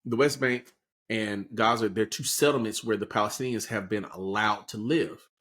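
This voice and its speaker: A man's voice: lowish voice, moderate pace, a bit bright. Guy on a podcast, explaining stuff casually, keeps saying right?. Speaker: podcast co-host. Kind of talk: casual political chat.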